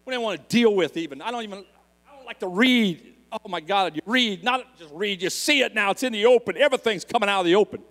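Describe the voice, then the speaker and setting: Male preacher, very high voice, long church-hall reverb, hushed storytelling that breaks into fervent shouting. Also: fast. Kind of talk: sermon.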